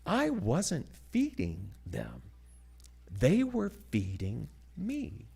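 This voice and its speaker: A man telling a story as a sermon, dramatic and animated, dropping to hushed asides. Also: a little high, drawn-out words, gravelly, breathy edge. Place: church sanctuary.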